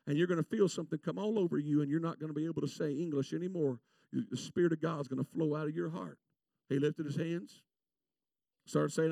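A man, preaching a fervent sermon and telling folksy stories, stretching out scripture verses slowly. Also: fairly high pitch, gravelly, mellow, no room sound. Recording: voice from a distance from the mic, dry sound.

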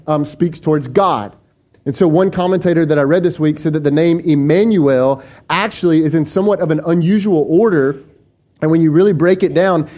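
A pastor with a high-ish voice delivers a sermon, preaching in an animated, conversational way and tossing asides to the congregation.

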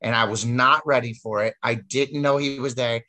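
A man's voice: medium pitch, moderate pace. A man telling long, rambling stories about his wrestling days in casual chat, full of fillers and restarts. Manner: rambling, animated storytelling with many fillers.

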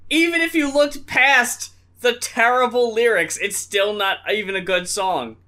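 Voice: medium pitch, a little slow, bright, forceful tone. A co-host in a casual album review, critical and puzzled, thinking aloud through questions.

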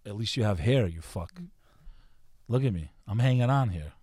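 A man in his forties telling stories in loose podcast chat, punchy and profane, leaning on "bro". His voice sits on the low side. The sound is dry and close to the mic. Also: animated, normal speed, mellow, no echo. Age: 40s. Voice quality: profane, emphatic storyteller, says "bro" a lot. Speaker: podcaster, guest.

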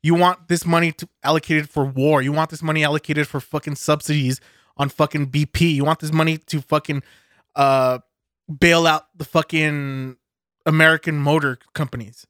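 A man's voice: a little high, flat delivery, normal speed, a bit bright, dry recording, clean studio sound. A man co-hosting a podcast, ranting cynically in casual chat and swearing heavily. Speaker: podcast co-host. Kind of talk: casual profane rant.

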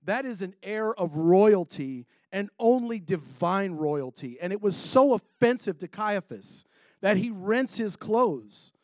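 A man's voice: high-pitched, lively intonation, takes it slowly, darkish tone, no echo. A man preaching a sermon in a casual way, with joking asides.

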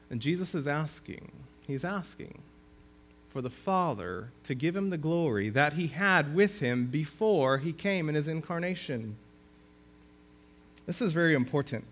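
A man's voice: a little high, lively intonation, measured pace, a bit bright. A man preaching a sermon as pastor of a church, earnest and rising to emphasis when he quotes scripture.

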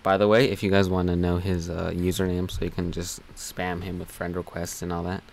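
Deep-voiced young man chatting casually. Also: completely flat delivery, a little fast, creaky, slight background noise. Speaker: podcast host. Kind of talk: casual chat.

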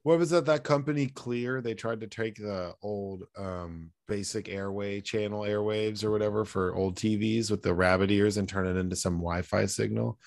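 A male podcast co-host with a lowish voice, chatting loosely. He rambles, swears freely and fills his sentences with "like" and "um." The sound is dry and close to the mic. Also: moderate pace, creaky, few pauses, darkish tone, dry recording. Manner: rambling, slangy, swears freely, lots of fillers. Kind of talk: casual chat.

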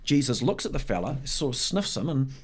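A man's voice: mid-range voice, brisk, breathy edge. A middle-aged man, a guest evangelist, talking casually on a podcast and animatedly acting out the quotes in his stories. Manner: animated storyteller, acts out quotes.

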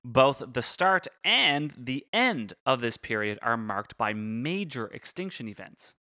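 Bright-voiced man explaining things step by step. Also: mid-range voice, very animated, measured pace, no echo, clean studio sound. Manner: explains step by step, stumbles over and corrects big words. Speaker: podcast co-host presenting the topic. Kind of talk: casual explanatory chat.

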